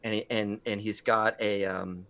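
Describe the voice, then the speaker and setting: A man's voice: lowish voice, flat delivery, unhurried, bright, forceful tone, no room sound. Rambling man describing his character's home. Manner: rambling, many restarts and fillers. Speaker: player. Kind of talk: casual tabletop play.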